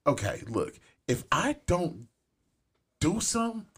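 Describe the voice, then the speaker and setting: Animated man telling a story. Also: high voice, takes it slowly, breathy edge. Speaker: podcast host. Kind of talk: casual chat.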